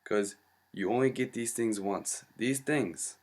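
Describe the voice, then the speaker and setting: A man's voice: lowish voice, unhurried, darkish tone, pitched above the performer's own voice. A man doing a laid-back Rasta doctor. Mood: easygoing.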